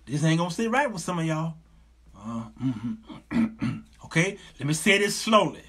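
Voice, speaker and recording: Guy in his 50s hosting a live show, high husky voice, animated, plays out his stories. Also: measured pace. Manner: animated, acts out both sides of stories in raised voices. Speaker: show host. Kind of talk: live call-in talk show.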